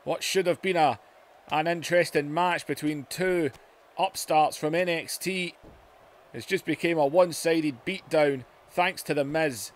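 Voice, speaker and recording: Excitable high-voiced man commentating. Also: unhurried. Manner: excitable, swings from low muttering to shouting at big moves. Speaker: gaming YouTuber. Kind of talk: play-by-play wrestling commentary over gameplay.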